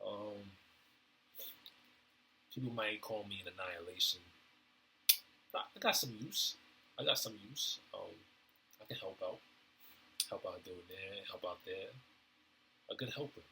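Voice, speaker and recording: A man rambling through a casual stream-of-consciousness monologue, halting often with fillers and restarts in slangy everyday talk. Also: low voice, pushed and bright, a little hiss or hum, poor audio. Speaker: vlogger.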